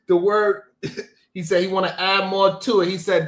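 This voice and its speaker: A man hosting a comedic livestream, reacting to clips with loud, incredulous, slang-heavy talk. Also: sits high, flat delivery, normal speed, roomy sound. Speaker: livestream host.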